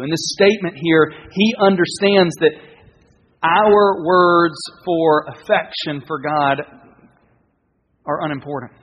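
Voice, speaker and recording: A man preaching a sermon as pastor, earnest and conversational, with pauses and restarts. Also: a little high, fairly even intonation, breathy edge. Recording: dull, reverberant hall sound.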